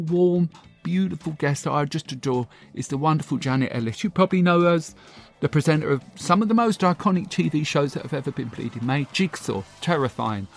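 A man doing a brash gossip queen. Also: a little high. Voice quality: loud, chatty, swearing, theatrical. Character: brash, gossipy middle-aged Essex woman talk-show host. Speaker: podcast host. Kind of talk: comic character monologue.

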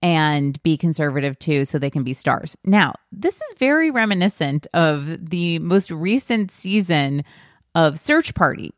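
Brief: female podcast host, fairly low pitch, dry mic, eager casual talk. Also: very animated, measured pace, no room sound. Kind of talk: casual chat.

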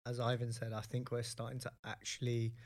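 A man co-hosting a podcast in casual chat, animated and quick to laugh, calling everyone mate. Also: mid-range voice. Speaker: podcast co-host.

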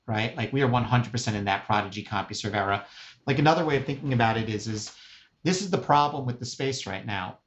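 A middle-aged man talks in an emphatic, animated way, punctuating his points with quick "right?" checks. His voice sits in a middle pitch, and the audio sounds a little dull and muffled. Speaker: media executive guest. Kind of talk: casual interview talk.

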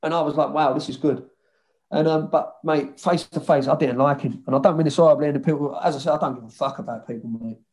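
A man's voice: a little high, fairly even intonation, fast, darkish tone. A man, a former footballer casually telling rambling anecdotes in an interview, swearing freely.

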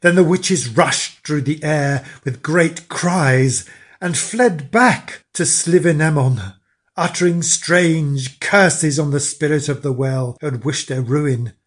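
A man narrating a dark fairy tale as the show's storyteller host, measured and dramatic. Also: a little high, slightly rough.

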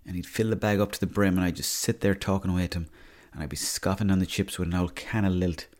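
A man's voice: low voice, fairly even intonation, quick pace, darkish tone. A young Irish man hosting a podcast, telling rambling, sweary comic stories. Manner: swears freely, storytelling. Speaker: podcast host.

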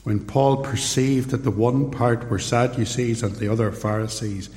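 A man preaching a sermon, telling the story slowly and acting out the quoted voices. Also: mid-range voice, steady tone, darkish tone. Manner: slow, deliberate storytelling with acted-out quotes. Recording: roomy hall with long reverb.

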